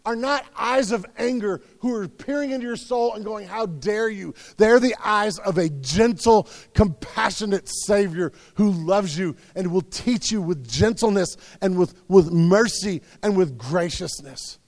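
Man, sermon, high voice, earnest, repeats words, loud then soft, dry sound. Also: a little slow, few pauses, no echo, long reverb tail. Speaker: pastor.

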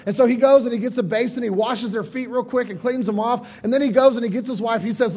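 A man's voice: very high voice, brisk, hardly any pauses, breathy edge. A man preaching a sermon, retelling scripture in a loose, conversational way. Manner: casual storytelling preaching, animated retellings. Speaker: pastor.

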